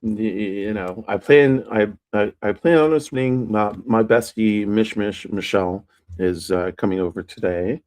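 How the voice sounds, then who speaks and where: A streamer chatting alone on a casual live stream, rambling with many fillers and restarts and sometimes pushing the voice higher. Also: normal speed, a little mellow. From United States. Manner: plays with raising the pitch of the voice.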